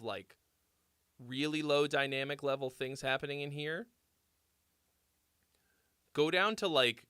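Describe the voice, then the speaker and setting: A man's voice: mid-range voice, fairly bright tone, dry recording, clean studio sound. A man casually critiquing a listener's song as host, rambling with lots of fillers and the odd swear. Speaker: host reviewing viewer songs.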